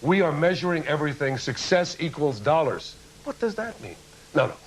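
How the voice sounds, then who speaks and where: A man's voice: on the high side, lively intonation, brisk, a little hiss or hum, low-quality recording. Emphatic man lecturing in a TV studio. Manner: emphatic, lecturing, rhetorical questions. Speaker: talk show guest, artists' representative. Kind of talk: impassioned talk show speech. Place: TV studio with audience.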